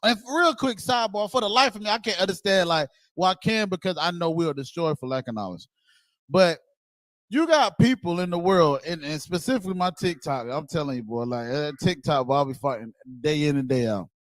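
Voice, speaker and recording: Man, high-pitched, blunt and animated, casual preaching talk, dry room. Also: brisk, dry recording. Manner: animated, blunt, swears casually, laughs and shouts at times. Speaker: speaker on a religious group's show.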